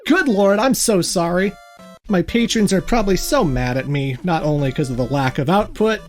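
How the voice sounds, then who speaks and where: A podcast host in casual gaming chat, jokey and quick to laugh. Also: mid-range voice, expressive, soft background music.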